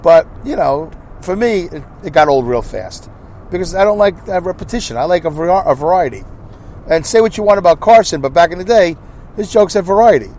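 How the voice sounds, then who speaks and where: A middle-aged man from the United States talks through his opinions in a loose, rambling monologue. His pitch swings around a lot, and his tone sits fairly high for a man. Faint traffic noise hums behind him. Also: expressive, a little fast, a little mellow. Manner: rambling, conversational, with restarts and asides. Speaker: podcast host. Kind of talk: casual solo monologue.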